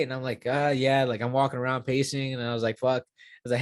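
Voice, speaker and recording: A man's voice: mid-range voice, quick pace, no room sound. A young man in his twenties talking casually in an interview, rambling with many fillers and restarts and swearing now and then. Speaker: UFC fighter.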